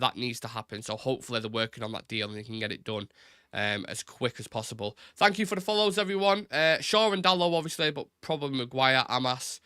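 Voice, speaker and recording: A young man hosts a relaxed live football stream and talks in loose, stop-start phrases that often double back on themselves. His voice has a sharp, forward edge. The sound is close and dry, with no room tail. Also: mid-range voice, clean tone, no echo. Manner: chatty, repeats words, says "innit", reads chat aloud.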